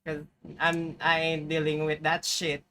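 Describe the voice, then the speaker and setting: A woman's voice: sits low, completely flat delivery, measured pace, a bit bright. A young adult woman streaming live, chatting casually over gameplay, rambling, swearing freely and breaking into sudden outbursts.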